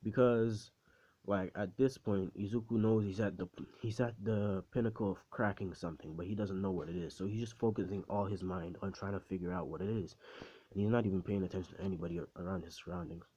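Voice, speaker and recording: A man with a deep, dark, husky voice casually retells a fan story, rambling in slangy terms and laughing at his own jokes. The recording is slightly muffled.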